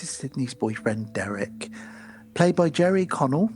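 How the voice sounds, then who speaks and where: A man's voice: mid-range voice, lively intonation, moderate pace, a little mellow, slight background noise. A man co-hosting a podcast, rambling chattily through a film recap with many ums. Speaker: podcast co-host. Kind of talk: casual chat recapping a film.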